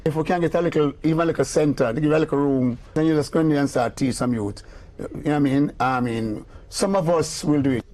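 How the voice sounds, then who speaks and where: An older music producer with a Jamaican accent, telling animated anecdotes in an interview and acting out the voices of the people in them. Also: male voice, a little high, fast. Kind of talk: storytelling interview.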